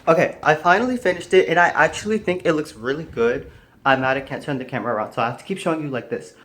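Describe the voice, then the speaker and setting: A man's voice: a little high, fast talker, fairly bright tone, slight background noise. Chatty young man rambling to camera. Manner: chatty, rambling, self-deprecating, lots of fillers. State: slightly out of breath. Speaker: vlogger. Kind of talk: casual chat to camera while decorating. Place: bedroom, indoors.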